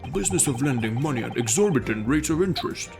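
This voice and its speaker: A man's voice: medium pitch, lively intonation, fast, gravelly. A man voicing a cold, haughty courtroom prosecutor, clipped and disdainful, over game music. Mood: scornful.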